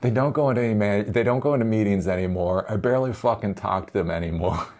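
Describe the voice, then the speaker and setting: Man putting on a low grumbly cursing boss, baffled and annoyed. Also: fast talker, darkish tone, lightly acted. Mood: exasperated. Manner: grumbling, swearing. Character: irritated foul-mouthed male boss, baffled.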